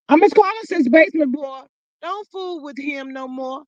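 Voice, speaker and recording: Reading out her chat on a laid-back live stream, this woman speaks at normal speed in a voice that sits high. She answers comments with animated sass, addressing viewers as "honey" and "child," and the lo-fi audio has no echo.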